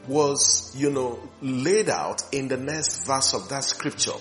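A male pastor preaching slowly and emphatically, repeating phrases with rising fervor. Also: medium pitch, animated, a bit bright, faint music behind. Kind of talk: sermon.

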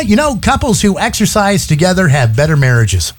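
A man's voice: sits high, big pitch swings, measured pace, faint music behind. A man hosting a radio show, chatting casually and joking with many filler words. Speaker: radio host. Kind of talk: casual on-air chat. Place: radio studio.

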